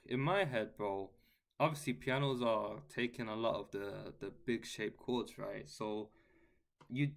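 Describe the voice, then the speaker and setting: A man's voice: medium pitch, creaky, fairly bright tone. A man, a guitar teacher, answering chat questions in a casual livestream, laid-back and saying "bro" and "man" a lot.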